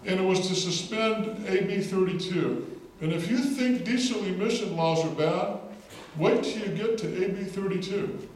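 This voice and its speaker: Guy giving a rally speech, high voice, tells stories w/ lots of repeats, far off in a big echoey hall. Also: normal speed, hardly any pauses. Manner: storytelling, emphatic, repeats words for effect. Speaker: state legislator giving a speech. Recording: echoey hall, distant mic, faint noise.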